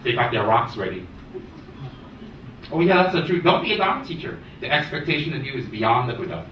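A man giving a dharma talk as a Buddhist teacher, animated and teasing, rattling off long lists. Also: mid-range voice, brisk, slight background noise. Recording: echoey room, distant dull mic.

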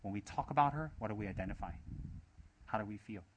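A man's voice: fairly low pitch, quick pace, a little hiss or hum. A man giving a Buddhist dharma talk, emphatic and repetitive, asking many rhetorical questions. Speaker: Buddhist teacher.

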